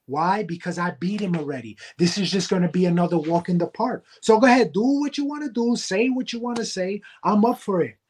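Wrestler guy, champ, kinda high voice, cocky trash talk on a podcast. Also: a little fast, few pauses, darkish tone, slightly rough. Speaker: guest wrestler, heavyweight champion. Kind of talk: podcast interview.

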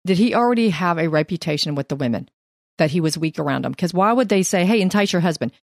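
A woman's voice: on the low side, lively intonation, fast, creaky, dry recording, clean studio sound. Chatty woman musing over questions. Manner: questioning, wondering aloud, chatty. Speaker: Bible study co-host. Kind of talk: casual Bible study chat.

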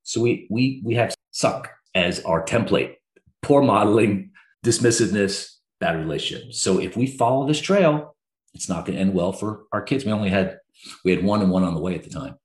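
In a roomy, echoing recording, a middle-aged man who works as a therapist tells stories from his own life as a conversation guest. His voice is lowish and moderately paced, and he sounds earnest, reflective and emotionally open.

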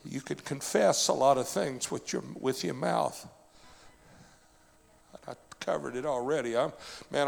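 A man pastor giving a sermon testimony, building from quiet storytelling to shouting, with frequent "uh" fillers. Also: mid-range voice, unhurried, creaky, long pauses, big-room sound. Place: church.

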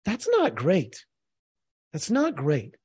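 A man's voice: fairly high pitch, wildly swooping pitch, takes it slowly, darkish tone, husky, no echo, studio quality. A man commenting earnestly on a played clip, speaking directly to his audience. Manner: earnest, addresses the audience as folks.

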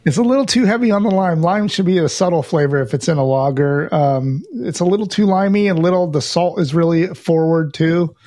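A man's voice: fairly high pitch, a little fast, hardly any pauses, dark tone. A man on a casual podcast, talking in an easygoing, plain-spoken way. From Northern California. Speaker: podcast co-host. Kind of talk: casual chat.

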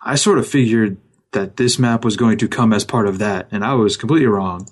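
A man with a fairly low voice talks loosely on a gaming podcast, wandering from point to point. His humor is dry and wry, and he tosses in quick asides as he goes. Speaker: podcast co-host. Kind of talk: casual gaming chat.

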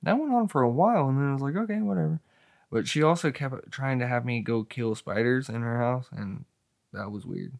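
A man with a gravelly, fry-heavy voice sits in a loose, casual chat. He tells long stories in a profane, slangy way and tends to keep his words easygoing and unhurried. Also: medium pitch, animated.

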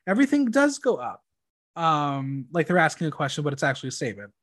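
A man's voice: a little high, big pitch swings, quick pace, fairly bright tone. Chatty campy man recapping a show. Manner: chatty and campy, with frequent ums. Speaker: podcast host recapping a reality show. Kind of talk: casual chat.

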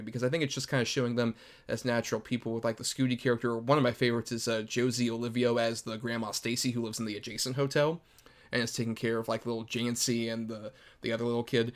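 A man's voice: medium pitch, a bit bright. Rambling casual man from Florida. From Florida, USA. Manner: loose and rambling, heavy "like" filler, swears casually. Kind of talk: casual film discussion.

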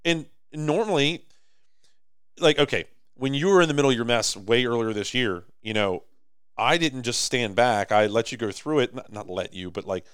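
A man with an American accent co-hosting a podcast in casual chat, rambling and animated, swinging between loud and soft. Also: mid-range voice, moderate pace, clean tone, no echo, studio quality. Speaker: podcast co-host.

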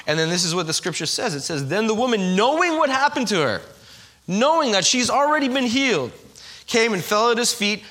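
A man preaching a sermon to his congregation in a conversational, animated way, with frequent asides to the listeners. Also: high voice, fairly quick. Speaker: pastor.

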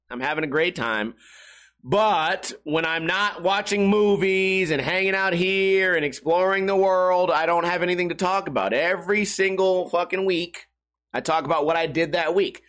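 High, bright-voiced rambling podcast host. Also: male voice. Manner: rambling, profane, self-mocking. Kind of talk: casual live-stream chat.

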